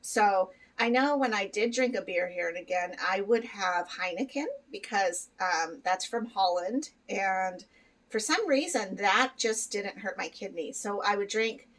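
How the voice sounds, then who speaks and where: A middle-aged woman talks casually to her vlog audience, candid and chatty, with frequent fillers and easy laughs. Her voice sits at an average pitch and comes across a little distant from the microphone. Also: a little slow, a bit bright. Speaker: vlogger. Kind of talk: casual chat to camera.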